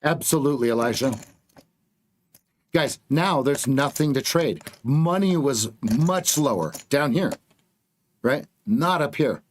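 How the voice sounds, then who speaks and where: A man coaching viewers through live trading on a stream, excitable, repeating words and joking with the chat. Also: mid-range voice, measured pace, slight background noise.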